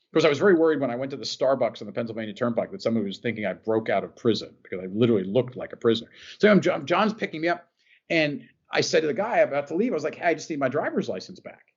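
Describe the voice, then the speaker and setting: A man's voice: medium pitch, very fast, husky, lo-fi sound. Earnest man telling a personal story. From New Jersey. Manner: earnest, repeats phrases, restarts sentences. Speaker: podcast guest. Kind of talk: emotional personal storytelling in an interview.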